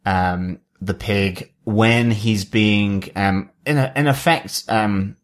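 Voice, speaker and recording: A man co-hosting a podcast, speaking in a measured, thoughtful way with many fillers. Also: fairly low pitch. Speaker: podcast co-host. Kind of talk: casual podcast chat.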